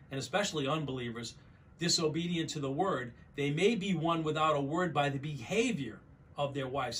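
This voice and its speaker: A man's voice: a little high, a bit bright. A man preaching a sermon as pastor, emphatic and repeating his key phrases, often calling his listeners folks.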